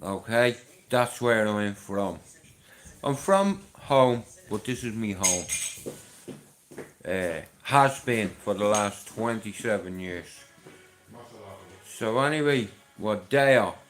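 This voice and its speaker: A middle-aged man with a Dublin accent chats casually to his livestream viewers, rambling and swearing freely. His voice sits on the low side and sounds fairly bright but chesty from a chest infection, and he talks slowly with frequent pauses. There is slight background noise.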